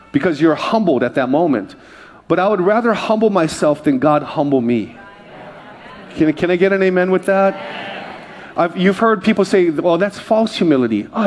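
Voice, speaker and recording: A man pastor preaching a conversational sermon and joking with the congregation. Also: on the high side.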